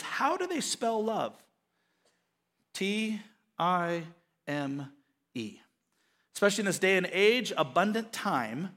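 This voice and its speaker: A man's voice: high-pitched, a bit bright, in a large hall. A middle-aged man preaching a sermon as pastor, telling family stories with jokes and acting out quoted voices. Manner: storytelling, jokey, acts out quoted voices.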